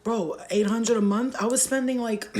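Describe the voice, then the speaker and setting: A woman's voice: on the high side, steady tone, a little slow, a little mellow. A woman in her thirties telling blunt, profane stories in a casual livestream, often laughing as she talks. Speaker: vlogger.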